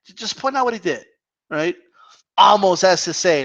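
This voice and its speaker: A man's voice: high voice, lively intonation, measured pace, long pauses, a bit bright, muffled recording. A man hosting a live Q&A stream, chatting casually in a rambling way and swearing freely. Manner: rambling and profane.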